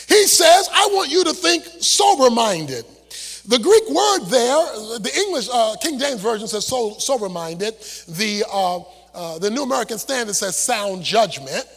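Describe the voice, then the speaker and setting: A middle-aged male pastor preaching a sermon with an impassioned, shouting, half-sung cadence. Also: extremely high pitch, lively intonation, a little slow, vocal fry, slightly rough. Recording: long hall reverb, faint music.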